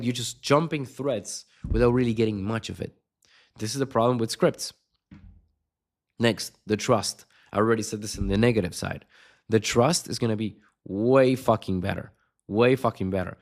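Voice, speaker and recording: A man's voice: lowish voice, moderate pace. A man coaching on sales in an unscripted video lesson, blunt and swearing constantly, with punchy emphatic delivery.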